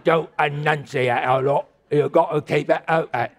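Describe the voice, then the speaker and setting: A man hosting a comedy podcast, telling stories in a rambling, deadpan joking way. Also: a little high, moderate pace. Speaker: podcast host. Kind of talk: casual comedic chat.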